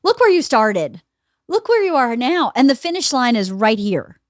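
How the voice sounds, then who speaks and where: A woman's voice: on the high side, moderate pace, no room sound, studio quality. A woman in her forties hosting a podcast, telling stories in a casual chat and laughing often. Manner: animated storytelling, laughs a lot. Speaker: podcast host.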